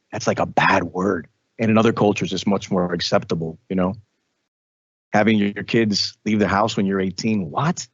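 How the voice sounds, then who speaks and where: A man, a radio host, talking as a guest in a casual interview, animated, with frequent restarts and repetitions. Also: low-pitched, no echo, muffled recording.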